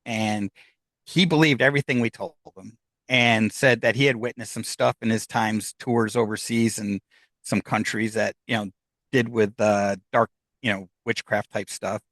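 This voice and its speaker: Animated man telling a story, dry sound. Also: lowish voice, normal speed, no room sound, rough recording. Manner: animated, acts out quoted dialogue, laughs between lines. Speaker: podcast guest. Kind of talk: casual storytelling.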